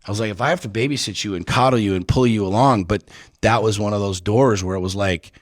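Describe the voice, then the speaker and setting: Low-voiced man telling a story. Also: fast talker, no room sound, clean studio sound. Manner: swears freely, heats up when retelling arguments. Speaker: podcast guest. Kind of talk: casual podcast storytelling.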